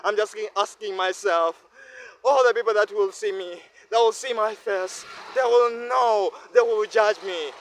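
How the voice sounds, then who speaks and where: A man's voice: high-pitched, a bit bright, slight background noise. A man from Uganda, vlogging in an impassioned, repetitive monologue full of questions. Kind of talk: impassioned self-talk monologue.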